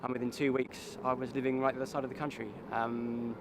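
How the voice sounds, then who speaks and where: A man's voice: medium pitch, flat delivery. A man reflecting thoughtfully in an interview about living on a boat. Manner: thoughtful, measured. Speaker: canal boater. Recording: outdoor street noise.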